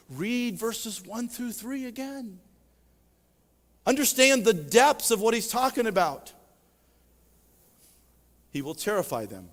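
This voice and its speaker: Male pastor, high voice, emphatic preaching style, church hall reverb. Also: very animated, measured pace, long pauses. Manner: preaching with emphatic swells and drops. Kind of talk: sermon. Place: church sanctuary.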